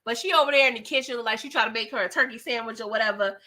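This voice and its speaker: A high-pitched woman recaps a TV drama episode in loose, slangy chat, laughing often and throwing in sassy asides. Her voice is bright and sharp, with a teasing, playful bite. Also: rapid-fire. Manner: slangy, laughs often, playful sass, acts out quoted dialogue. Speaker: TV recap host.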